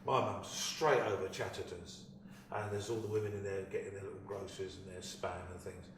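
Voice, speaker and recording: An older man, an actor telling a lively anecdote about a film shoot and acting out the people he quotes. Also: sits low, fairly quick, slight background noise. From London, England. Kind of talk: anecdotal storytelling. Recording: echoey room, distant mic, faint ambience.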